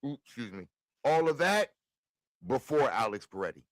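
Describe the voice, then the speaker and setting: A man talking on a live stream, animated and profane, quick to burst out laughing and yelling. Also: medium pitch, no room sound. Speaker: panelist on a live talk stream. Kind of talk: casual live-stream chat.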